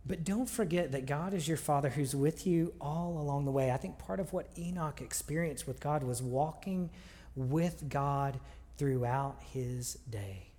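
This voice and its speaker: This pastor's voice is a little high with a dark tone, and his sermon comes across as earnest and conversational, with frequent restarts. A large hall lends long reverb to the recording.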